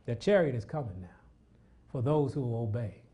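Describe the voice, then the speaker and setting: A man's voice: mid-range voice, expressive, moderate pace, dark tone. A man preaching a sermon, reading scripture aloud and calling out questions to his congregation.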